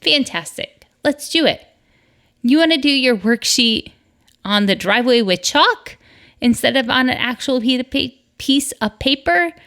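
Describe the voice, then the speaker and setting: A woman's voice: high-pitched, expressive, measured pace, fairly bright tone. A middle-aged woman from the northern United States hosting a solo podcast, chatty and upbeat, with asides. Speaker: podcast host.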